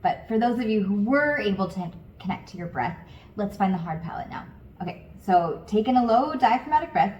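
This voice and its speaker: A woman singing teacher coaching beginners step by step in a calm, encouraging way. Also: medium pitch, roomy sound, muffled recording. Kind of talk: guided vocal lesson.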